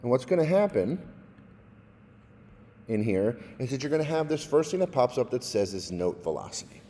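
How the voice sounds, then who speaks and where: Man, music tech teacher, casual step-by-step tutorial, mellow tone, reverberant sound. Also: medium pitch, sing-song, moderate pace. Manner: casual, explains step by step, often adds "all right?". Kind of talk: screen-recorded software tutorial.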